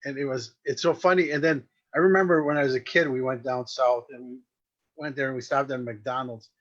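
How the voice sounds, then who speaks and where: A man's voice: mid-range voice, fairly even intonation, a little fast, a bit bright. A man hosting a casual chat, joking and laughing as he tells stories and acts out quoted voices. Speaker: podcast host. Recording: slightly muffled, dull audio.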